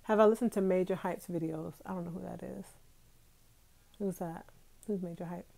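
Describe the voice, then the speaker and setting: A woman in her thirties streams live and casually from her bedroom, speaking directly to her audience, laughing often, and dealing with an allergy-itchy nose. Her mellow voice is on the low side with vocal fry, fairly even intonation, and a moderate pace.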